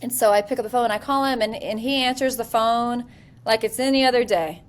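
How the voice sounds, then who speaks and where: A woman in her forties, an interview guest who is a military leader, telling a candid story in a lively, self-deprecating way with many fillers. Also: on the high side, a little fast.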